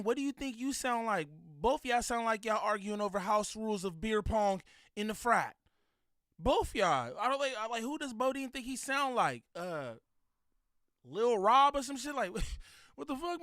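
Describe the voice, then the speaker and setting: A man with a very high, bright voice rants through a casual reaction commentary, profane and animated. His voice swings a lot in pitch and sounds close and dry, with no room around it. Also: moderate pace, dry recording. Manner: profane, animated ranting with frequent laughs. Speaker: show host reacting to clips.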